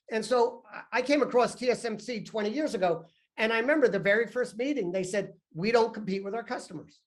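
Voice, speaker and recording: An older man delivers a university guest lecture in a lively storytelling way. He often stumbles over his words, repeating them as he builds his point. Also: high-pitched. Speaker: investment fund founder giving a guest lecture. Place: lecture room.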